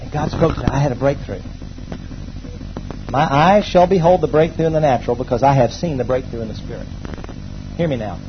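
In a church hall, a man with a high voice delivers an emphatic sermon, swinging between loud exclamations and low asides while urging the congregation to respond aloud. The audio is dull and somewhat lo-fi, carrying a faint hiss.

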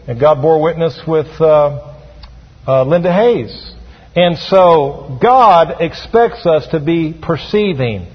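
A man's voice: a little high, expressive, moderate pace, slight background noise. A man preaching a sermon as a pastor, calling on the congregation to answer back. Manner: preaching with call-and-response to the congregation. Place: church sanctuary. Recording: dull sound with long hall reverb.

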